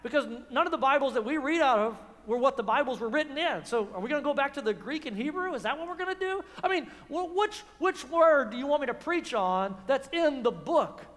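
A man preaching a sermon in a sarcastic, quick manner, often repeating words, in a church. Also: very high voice, lively intonation, fairly bright tone. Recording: long hall reverb.

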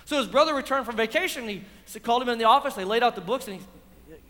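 A man's voice: extremely high pitch, animated, fast, bright, forceful tone. Man, pastor, sermon, rhetorical questions, long church-hall reverb. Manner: preaching with rhetorical questions to a congregation.

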